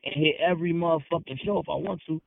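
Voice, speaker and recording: Fired up guy on a podcast call, kinda high voice, sounds like a phone line, keeps repeating himself. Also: fairly even intonation, quick pace, vocal fry, no echo. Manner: heated, repetitive, confrontational, slangy. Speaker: guest. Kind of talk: heated podcast conversation.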